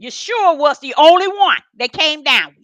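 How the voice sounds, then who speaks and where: A woman preaching in a live-streamed Bible study. She talks to the live chat, repeats words for emphasis, and swings from shouts to soft murmurs. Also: high voice, expressive, unhurried, dry recording, lo-fi sound.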